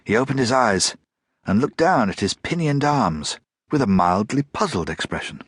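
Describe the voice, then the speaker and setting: Man, audiobook narration, husky, lowish voice, dry close sound. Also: animated, moderate pace, dry recording. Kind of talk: scripted narration.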